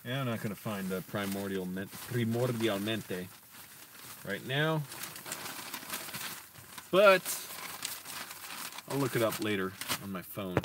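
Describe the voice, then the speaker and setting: Low male voice, a bit off-mic, slow careful self-teaching, chatty with viewers. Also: lively intonation, recorded from a distance, background noise. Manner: slow deliberate sounding-out of words, self-correcting. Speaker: creator teaching himself Spanish on a stream. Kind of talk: casual live-stream language practice.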